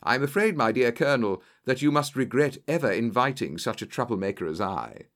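A man's voice: medium pitch, expressive, brisk, a bit bright. A man doing a cool, curt detective. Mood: calm. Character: cool, clipped male detective.

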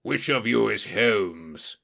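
A fierce old doctor snarls his threats in a gravelly growl, as a man reads him out. He talks slowly and heavily, each word pressed hard. The tone stays bright and hard. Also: on the low side, lively intonation, heavily acted. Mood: menacing. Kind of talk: audiobook character voice.

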